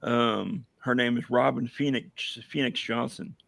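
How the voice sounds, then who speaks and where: A hoarse man chatting casually on a livestream as a veteran guest, rambling with many fillers and telling jokes. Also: mid-range voice, fairly even intonation, a little slow, a bit bright, no echo. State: hoarse, losing his voice. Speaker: veteran guest running a coffee business.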